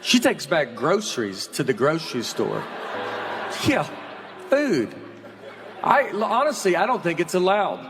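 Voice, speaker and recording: A middle-aged man with a Southern American accent doing stand-up comedy on stage, rambling through self-deprecating stories in a deadpan way. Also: a little high, measured pace, pauses often, a crowd in the background. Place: stage before a laughing crowd. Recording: live audience laughter and noise.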